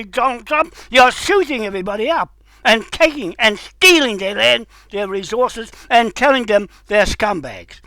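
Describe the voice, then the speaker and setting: A man from New with a bright, high-pitched voice delivers a confrontational rant directly to the camera. He hammers his points home again and again with defiant insistence. The recording is dry, with no room echo. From New Zealand. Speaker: activist.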